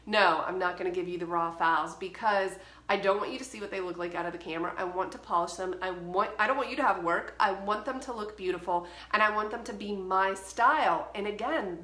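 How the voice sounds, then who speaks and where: A woman's voice: mid-range voice, sharp tone. Firm, direct woman in an echoey room. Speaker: photography educator and podcast host. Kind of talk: solo talk to camera, advice.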